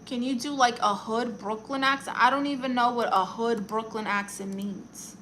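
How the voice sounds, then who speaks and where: Lightly acted, a fairly high, slightly bright voice talks at normal speed with fairly even intonation, over slight background noise. The woman is chatty, improvising as a brash middle-aged aunt and self-described therapist who colors and reads the chat on a live stream.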